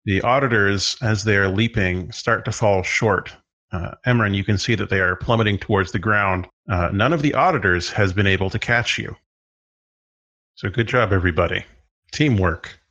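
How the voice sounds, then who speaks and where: A man narrating as game master of a tabletop role-playing game, describing scenes at an unhurried pace with frequent fillers. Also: fairly low pitch, a bit bright, highs cut off.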